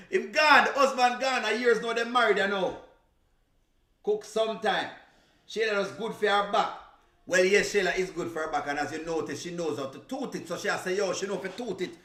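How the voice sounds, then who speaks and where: A man's voice: high-pitched, a bit bright, echoey room. A man from Jamaica with a Jamaican accent, chatting casually on a live stream, teasing and laughing and slipping into patois. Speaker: reaction streamer.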